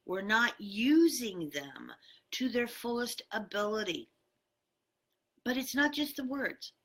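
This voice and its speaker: Woman speaker, bright tone, deliberate slow motivational delivery, leans hard on key words. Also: a little high, animated. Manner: emphatic, varies tone for effect. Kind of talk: motivational talk.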